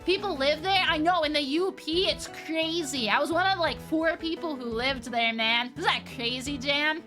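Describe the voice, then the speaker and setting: Bright, high-voiced woman streamer. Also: normal speed, soft background music. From Upper Peninsula of Michigan, US. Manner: animated, swearing, reads chat aloud and answers it. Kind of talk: casual livestream chat with viewers.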